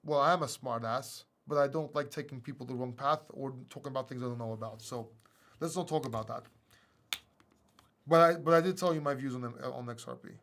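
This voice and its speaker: A man from Greece hosting a crypto live stream, chatting casually and answering viewer questions in an animated, self-mocking way with frequent laughs. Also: mid-range voice, a little fast. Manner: animated and self-mocking, laughs often, bursts into loud acted outbursts.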